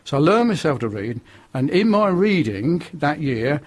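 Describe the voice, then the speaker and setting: A man's voice: a little high, sing-song, normal speed. Older Northern English man, blunt and chatty. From northern England. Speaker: guest. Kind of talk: radio interview testimony.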